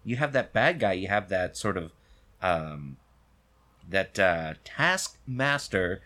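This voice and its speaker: Low-voiced man chatting thoughtfully. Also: lively intonation, slow, sharp tone. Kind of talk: casual podcast chat.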